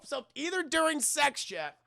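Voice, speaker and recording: Creaky, animated man recapping a film. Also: extremely high pitch, a little slow, dry recording, clean studio sound. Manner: animated, addresses chat constantly, crude jokes, acts out characters. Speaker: film reviewer streaming to live chat. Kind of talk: casual comedic scene-by-scene film recap.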